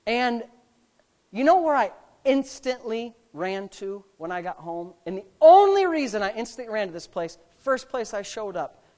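Animated storytelling male pastor. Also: sits high, moderate pace. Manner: animated, acts out voices. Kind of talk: sermon storytelling.

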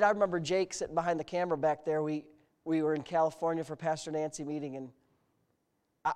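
A man preaching a sermon as pastor, moving between quiet storytelling asides and loud, fervent exclamations. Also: high-pitched. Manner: storytelling with humor.

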